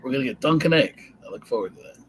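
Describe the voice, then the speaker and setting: Laid-back man, mid-pitched, laughing easily. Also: expressive, rapid-fire, fairly bright tone, a little hiss or hum. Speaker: podcast co-host. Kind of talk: casual TV recap chat.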